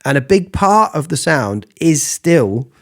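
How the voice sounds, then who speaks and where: Guy vocal coach chatting about technique, kinda high-ish voice, drops into falsetto demos. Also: sing-song, slow pace. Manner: explains technique, breaks into falsetto sung examples. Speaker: singing teacher. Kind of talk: casual singing lesson with sung demos.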